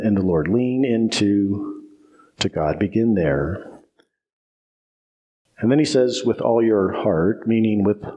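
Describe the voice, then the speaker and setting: A man's voice: fairly low pitch, darkish tone. A man preaching a sermon as pastor, emphatic and repetitive, often asking "right?" and restarting phrases.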